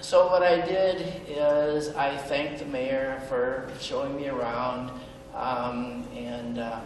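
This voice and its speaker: A man's voice: mid-range voice, fairly even intonation, slow. Middle-aged male speaker, earnest storyteller with wry humor; distant mic in a reverberant hall, faint room noise. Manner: earnest, with self-deprecating humor and hesitant fillers. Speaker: speaker at a benefit event. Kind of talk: personal storytelling speech. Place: large event hall.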